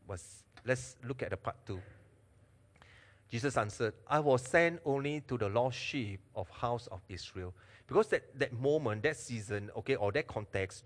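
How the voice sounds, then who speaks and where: Animated male preacher in a reverberant hall. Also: medium pitch. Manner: animated preaching, with jokes and questions to the congregation. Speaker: pastor. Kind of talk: sermon.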